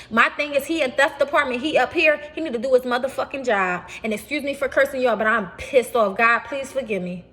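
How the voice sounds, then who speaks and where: A woman's voice: high-pitched, fast talker, few pauses, pushed and bright. A young adult woman, talking casually and animatedly to her viewers, repeating phrases and calling them y'all. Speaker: vlogger. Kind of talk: casual talk to camera.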